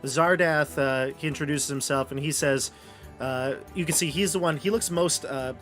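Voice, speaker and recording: A man serves as game master, describing the scene in a rambling, chatty way with plenty of fillers. His voice is bright and pitched a little high. Faint music plays behind him. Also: moderate pace. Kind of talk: narrating a tabletop game.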